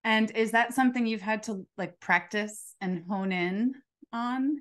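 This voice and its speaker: A woman's voice: a little high, measured pace, fairly bright tone. A woman hosting a podcast interview, asking her guest encouraging questions in a casual way. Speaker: podcast host.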